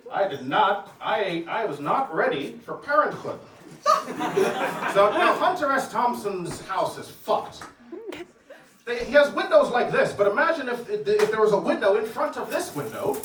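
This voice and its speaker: A man doing a stand-up set, loud, swearing and laughing through his jokes. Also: very high-pitched, sing-song, normal speed. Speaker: stand-up comedian. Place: small comedy venue. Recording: echoey room from far off, crowd and noise. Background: audience laughter.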